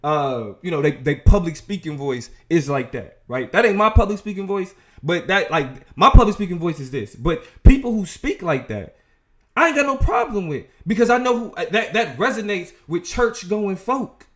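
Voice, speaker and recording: A man hosting a casual commentary show, talking in an animated, emphatic way with frequent restarts. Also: high-pitched, normal speed. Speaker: show host.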